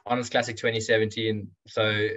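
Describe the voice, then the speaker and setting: A young man with a fairly low voice sits as a guest in a casual chat. He talks in a loose, rambling way, restarting his sentences and laughing along. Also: little pitch movement, a little fast, fairly bright tone, highs cut off.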